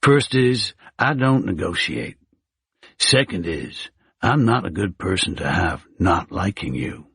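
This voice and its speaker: A menacing hitman with a Mississippi drawl, as a male narrator puts him on, deep, slow and unhurried. He speaks in short, flat threats with a husky edge. It sounds like a low-key audiobook reading in a dry room. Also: dry recording, full character voice. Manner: curt, flatly threatening.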